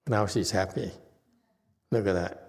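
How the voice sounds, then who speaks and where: A Buddhist teacher giving a Dharma talk and answering questions, animated and chuckling, often repeating himself. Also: male voice, low voice, unhurried, big-room sound.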